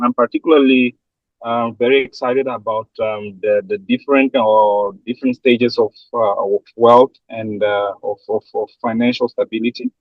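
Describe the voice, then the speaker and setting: Brief: hesitant male questioner, mid pitch, dull dry recording. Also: no room sound. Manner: hesitant, many fillers and restarts. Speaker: audience member asking a question. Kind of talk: question from the floor.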